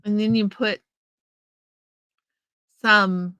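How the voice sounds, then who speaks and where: A woman's voice: medium pitch, fairly even intonation, drawn-out words, bright, forceful tone, smooth, no room sound, low-quality recording. A woman hosting a casual livestream, chatting with viewers and answering their messages by name. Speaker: livestream host. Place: home, in front of a green screen. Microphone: headset earpiece.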